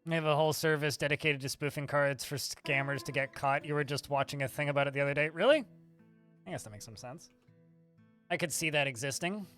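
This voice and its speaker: Streamer guy, bright and forceful, slightly high, chatty and quick, faint guitar music under him. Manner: chatty, fast-talking, answers chat questions. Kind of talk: casual livestream chat answering viewers.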